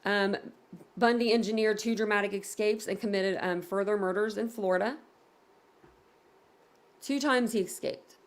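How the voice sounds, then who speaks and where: This woman hosts a casual livestream, rambling with plenty of fillers as she reads viewer comments out loud. Her voice sits at medium pitch, moving at normal speed with frequent pauses.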